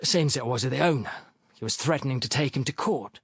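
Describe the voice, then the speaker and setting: A man's voice: medium pitch, brisk, husky, no room sound, clean studio sound. A man voicing a deferential male porter, polite and apologetic yet emphatic.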